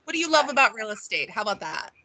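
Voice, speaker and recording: A woman's voice: on the high side, big pitch swings, quick pace, sharp tone. A woman hosting a video call panel interview, upbeat and encouraging as she moves from guest to guest. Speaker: host.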